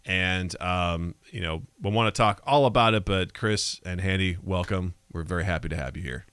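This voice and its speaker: Male podcast host, goofy and animated, bright tone, dry close sound. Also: low voice, normal speed, clean tone, dry recording. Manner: goofy, self-mocking, animated. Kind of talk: casual podcast chat.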